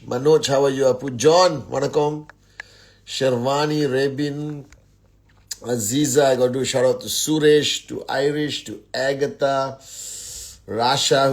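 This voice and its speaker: A man's voice: mid-range voice, darkish tone. A man hosting a live stream from home, upbeat as he rattles off greetings to many viewers before a casual motivational talk, speaking into a phone. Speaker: host of a network marketing live stream. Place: at home, indoors.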